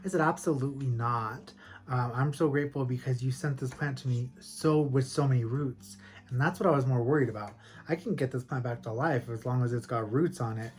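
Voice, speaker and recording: A man vlogging from home about his houseplants, telling stories in a loose, rambling, animated way. His voice sits at an ordinary middle pitch. He laughs often along the way, and soft music plays faintly behind him. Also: brisk. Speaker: plant collector vlogger. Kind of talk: casual chatty storytelling.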